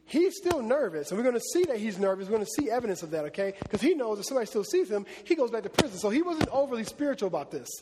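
Chatty high-voiced guy teaching the bible, lots of uhs, animated, echoey hall. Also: racing, few pauses, background noise. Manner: animated, chatty, many fillers. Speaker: preacher.

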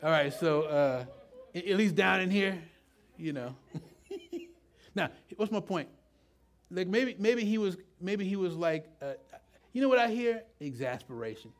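A man's voice: high voice, expressive, unhurried, pauses often. A man preaching a sermon in a loose, conversational way, often asking the congregation questions. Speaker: pastor. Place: church with a live congregation.

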